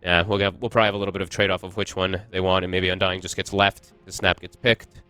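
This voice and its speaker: A man's voice: low voice, level tone, quick pace, pushed and bright, clear, resonant tone, no room sound, soft background music. A man casting an esports match, chatty and analytical, thinking aloud as he breaks down the picks. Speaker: esports caster. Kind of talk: casual esports commentary.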